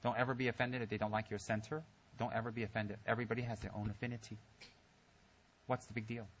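A man's voice: lowish voice, flat delivery, quick pace, a little hiss or hum. A man teaching at a Buddhist center, giving a humorous Dharma talk with teasing asides and mock voices.

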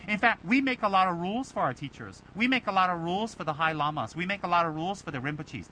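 A man teaching a Buddhist dharma talk, animated and rhetorical, mimicking his listeners' complaints. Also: high voice, fast talker, few pauses, a little hiss or hum, poor audio. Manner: animated, rhetorical, mocking imitations.

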